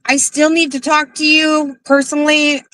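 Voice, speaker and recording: A woman with a high, bright voice, recorded close and dry. She chats on a livestream in an affectionate, playful way. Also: little pitch movement, moderate pace, no room sound, low-quality recording. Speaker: livestream guest. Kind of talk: casual livestream chat.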